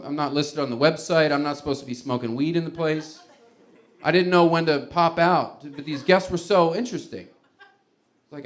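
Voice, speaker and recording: A male comedian on stage, telling a story in loose, conversational stand-up style. His voice sits a bit high for a man, and he keeps the story moving with animated asides.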